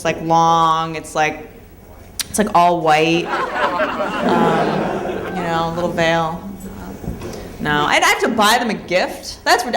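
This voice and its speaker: A woman doing stand-up on a comedy club stage, delivering deadpan, self-mocking one-liners. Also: medium pitch, a little hiss or hum. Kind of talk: stand-up routine. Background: audience laughing.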